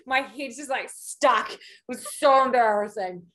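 A woman's voice: fairly high pitch, fairly even intonation, normal speed, a bit bright. A woman in her thirties, a guest on a video-call interview, chatting casually and rambling through stories with frequent giggles. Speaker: guest, podcast co-host.

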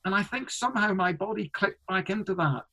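A man's voice: sits high, fairly quick, fairly bright tone, poor audio. A man, a comedian, telling a story in a casual interview, rambling with frequent restarts and fillers. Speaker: guest, comedian.

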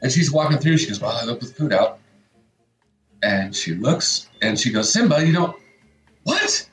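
A man's voice: mid-range voice, lively intonation, normal speed, fairly bright tone, roomy sound. A middle-aged man co-hosting a morning radio show, telling a rambling story in casual chat and acting out what his family said.

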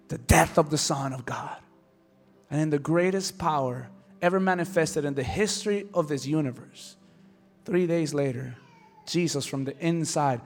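A male pastor preaching a sermon with passion, swinging from hushed lines to shouts. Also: on the high side, moderate pace.

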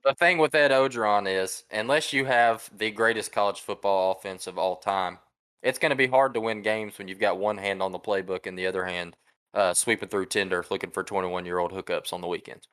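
Laid-back man with a smooth low voice. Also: a little fast, a bit bright. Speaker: podcast co-host. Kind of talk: casual sports chat.

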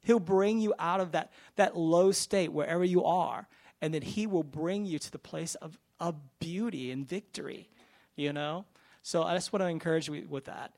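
A man's voice: on the high side, moderate pace, darkish tone. Earnest man giving a church testimony. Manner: earnest, conversational, with fillers and restarts. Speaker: church member sharing testimony. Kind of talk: personal testimony.

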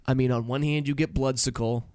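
A man co-hosting a podcast in casual chat, animated and joking, often mimicking voices. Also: mid-range voice, fairly quick, clear, resonant tone. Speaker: podcast co-host.

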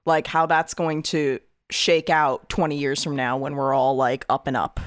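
A woman's voice: deep voice, flat delivery, normal speed, dry recording, studio quality. A woman co-hosting a podcast in casual chat, playful and teasing. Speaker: podcast co-host.

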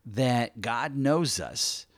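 A man co-hosting a casual faith discussion, telling stories with lively asides and acting out quoted speech. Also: mid-range voice, very slow, dry recording. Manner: animated storytelling, acts out quoted speech.

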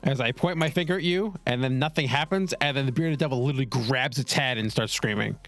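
A man playing in a tabletop game, explaining the rules and spell effects in a relaxed way. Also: medium pitch, quick pace. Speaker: player.

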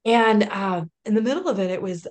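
A woman's voice: mid-range voice, fairly quick. A woman in her thirties telling a personal story in an interview, earnest and emotional, often restarting sentences and laughing. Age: 30s. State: close to tears at moments. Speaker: podcast guest.

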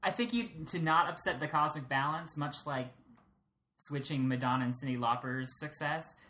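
A woman with a very low voice chats casually on a podcast, mostly with short interjections and asides. The sound is roomy and echoey. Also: moderate pace, a bit bright. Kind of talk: casual chat. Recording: roomy echo.

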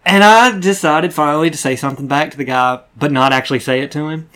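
Higher-voiced man telling rowdy stories. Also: quick pace, smooth. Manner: animated, profane anecdote teller. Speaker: podcast co-host. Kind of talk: casual storytelling chat.

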